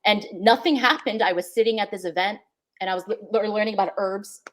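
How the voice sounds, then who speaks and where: A woman's voice: medium pitch, a little fast. A young woman co-hosting a spiritual podcast, talking earnestly and emotionally, often repeating words for emphasis. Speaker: podcast co-host. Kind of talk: heartfelt spiritual podcast chat.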